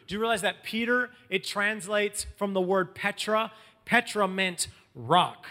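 Guy preaching, kinda high bright voice, acts out the quotes all casual, echoey church hall. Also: measured pace. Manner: animated storytelling, acts out quotes in casual slang. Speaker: pastor. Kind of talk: sermon.

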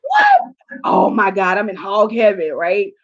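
This life coach from the American South has a medium-pitched, creaky voice at a moderate pace, with the highs cut off. Animated in the interview, she tells her story and acts out her own quoted dialogue.

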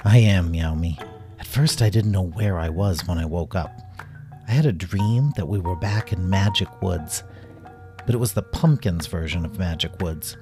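A man's voice: low voice, normal speed, music in the background. A man voicing a spunky, stubborn female toy cat in a storybook tale. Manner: determined, upbeat.

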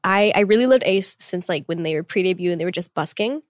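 A young woman chatting as a podcast guest, bubbly and quick to laugh, acting out quoted lines as she tells stories. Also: fairly low pitch, lively intonation, dry recording, studio quality. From United States. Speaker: guest singer. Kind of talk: casual podcast chat.

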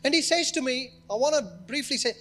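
A man's voice: extremely high pitch, fast talker, bright, forceful tone. A man preaching a sermon as pastor, telling a story with animation and acting out what people said. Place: church service.

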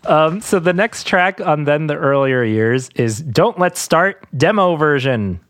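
A man's voice: on the high side, animated, a little slow, background noise. A man co-hosting a casual podcast, talking in a chatty, rambling way and laughing often. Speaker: podcast co-host. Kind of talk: casual chat.

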